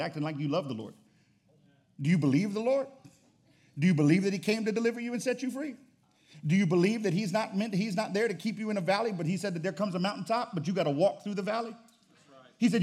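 A male pastor preaching with a high voice and an emphatic, driving delivery. He fires rhetorical questions at the congregation and at times rises to shouted declarations. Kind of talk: sermon.

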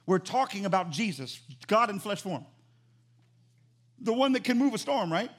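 A man preaching a sermon as pastor, animated and emphatic, repeating phrases for emphasis. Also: high voice, normal speed.

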